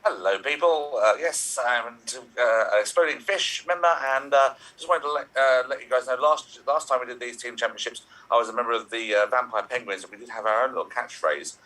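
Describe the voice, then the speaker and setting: Man, improv player, video call, hesitant rambling, bright tone, distant mic. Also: medium pitch, brisk, few pauses. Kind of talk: casual chat on a video call.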